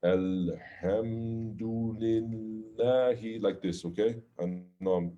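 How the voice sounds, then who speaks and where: A man's voice: fairly low pitch, unhurried, lo-fi sound. A man teaching an informal religious class, talking conversationally and checking in with his listeners with "okay?" and "right?". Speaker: Islamic teacher.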